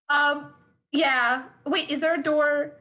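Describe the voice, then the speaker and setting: A woman's voice: high-pitched, sharp tone. A woman playing a tabletop game, hesitant and giggly, with frequent fillers.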